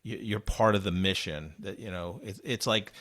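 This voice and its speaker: A man's voice: on the low side, moderate pace, fairly bright tone. A man co-hosting a podcast, recapping an interview in casual, rambling chat with many restarts and fillers. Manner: rambling, frequent restarts and "you know". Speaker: podcast co-host.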